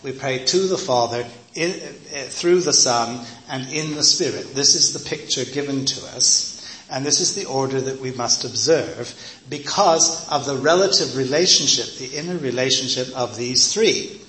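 A man's voice: mid-range voice, moderate pace, fairly bright tone, a little hiss or hum. A man preaching a teaching sermon in a conversational, digressive way, often saying "you see". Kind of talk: teaching sermon with personal anecdote. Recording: roomy echo, faint ambience.

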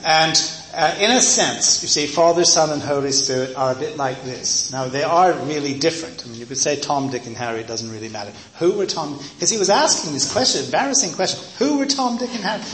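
A man's voice: fairly high pitch, lively intonation, a little fast, few pauses, fairly bright tone, a little hiss or hum. Chatty preacher man in a roomy echo. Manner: conversational, digressive, often says "you see". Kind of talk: teaching sermon with personal anecdote. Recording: roomy echo, faint ambience.

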